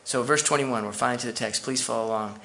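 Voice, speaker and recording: A man's voice: mid-range voice, fast, vocal fry, bright, forceful tone. A man preaching a sermon as pastor, conversational and full of asides to the congregation.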